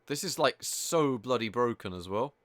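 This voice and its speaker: A man's voice: mid-range voice, expressive, normal speed, a bit bright, no echo. A man casually commenting live over a gameplay stream, chatty and exasperated, swearing freely as he talks. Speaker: game streamer.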